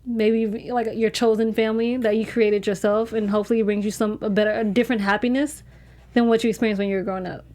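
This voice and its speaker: A woman's voice: fairly high pitch, flat delivery, quick pace, a little mellow. A woman co-hosting a TV recap in casual chat, candid and emotional, often restarting her sentences. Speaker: co-host.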